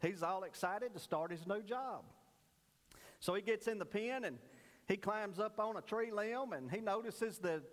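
A man's voice: high voice, big-room sound. A man preaching a sermon, telling a folksy joke story and then teaching earnestly about prayer. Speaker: pastor.

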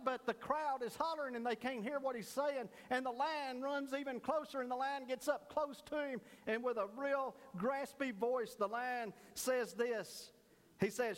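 A man's voice: extremely high pitch, a little slow, long reverb tail. A man preaching a sermon, telling a folksy joke story and then teaching earnestly about prayer. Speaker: pastor.

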